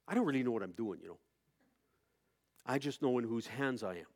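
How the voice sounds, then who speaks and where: A male pastor preaching a sermon, moving from quiet storytelling to loud, impassioned preaching. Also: medium pitch, lively intonation, a little fast, pauses often.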